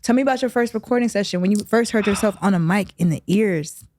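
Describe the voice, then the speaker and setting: A woman's voice: medium pitch, fast talker, a little mellow, slight background noise. A woman hosting a casual interview, playful and encouraging, often cutting in with reactions. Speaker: podcast host.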